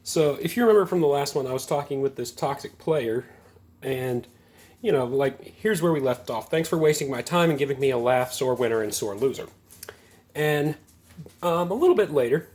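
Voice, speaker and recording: A man's voice: on the high side, animated, normal speed. Chuckly young man telling a story. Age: 20s. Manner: rambling, self-amused, full of fillers. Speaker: gaming video creator. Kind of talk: casual storytelling to camera.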